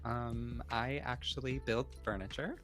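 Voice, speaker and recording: A streamer talking in a relaxed, slightly tentative way on a video-call panel. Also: mid-range voice, unhurried, music in the background. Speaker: streamer and podcast guest. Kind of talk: casual panel chat.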